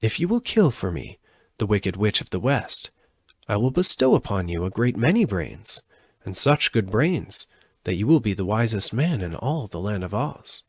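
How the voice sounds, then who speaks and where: A man voicing a lovely, powerful winged lady in a storybook reading, measured and haughty as she bargains. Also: lowish voice, big pitch swings, slightly rough, no echo, heavily acted.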